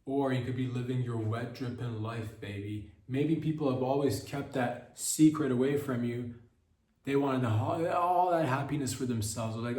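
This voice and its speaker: A man's voice: medium pitch, fairly even intonation, normal speed, a little mellow. Man preaching absurd mock-motivational comedy, roomy echo. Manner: mock-motivational, preachy and absurd, slips into silly quoted voices. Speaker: comedy podcast host. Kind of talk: rambling comic monologue. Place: hot indoor room.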